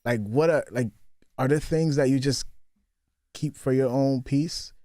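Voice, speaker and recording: A man's voice: medium pitch, unhurried, warm tone, no room sound, studio quality. A man hosting a radio interview, asking long, reflective open questions.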